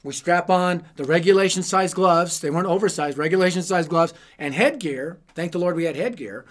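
A man preaching a youth ministry sermon as a humorous story, animated and self-deprecating with punchy comic timing. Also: high-pitched, a little fast.

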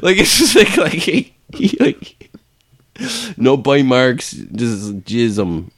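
Dude chatting on a podcast, swears a lot, middle pitch, super dry sound. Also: male voice, slow, no echo. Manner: laid-back, profane, bursts into loud excited storytelling. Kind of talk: crude casual chat among friends.

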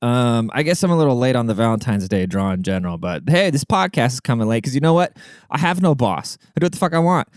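A man's voice: mid-range voice, animated, fast, dry recording, clean studio sound. A young man hosting a solo podcast, ranting in a brash, profane, swaggering way. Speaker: podcast host.

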